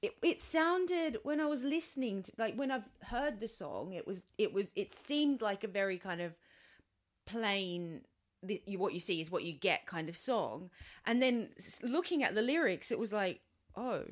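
A woman co-hosting a casual chat about music, animated and quick to laugh. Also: mid-range voice. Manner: animated, laughs often, reacts with short remarks. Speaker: podcast co-host.

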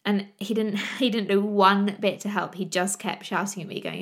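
A woman's voice: mid-range voice, steady tone, normal speed, few pauses. A woman, hosting a podcast and chatting in a laughing, exasperated storytelling way. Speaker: podcast host. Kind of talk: casual chat.

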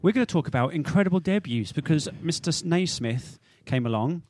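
A man's voice: a little high, animated, a little fast, a little mellow. A man co-hosting a football podcast in casual chat, jokey and quizzing, laughing often. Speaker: podcast co-host.

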